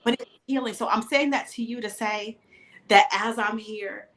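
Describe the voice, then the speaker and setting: A middle-aged woman with a fairly high voice and an earnest, consoling, preacherly delivery. She coaches spiritual wellness and talks with a caller on her show. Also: fairly even intonation, normal speed, fairly bright tone. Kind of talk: emotional live-show chat with a caller.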